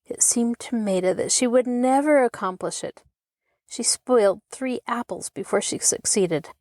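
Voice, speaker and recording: Expressive woman storybook narrator. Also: on the high side, normal speed, no echo, clean studio sound. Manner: expressive, even storytelling pace. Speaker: host and audiobook narrator.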